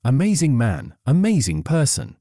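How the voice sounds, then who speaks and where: A man's voice: medium pitch, wildly swooping pitch, normal speed, warm tone, no room sound, studio quality. An older man, a former prisoner, recounting memories in a plain, reflective interview. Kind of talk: documentary interview recollection.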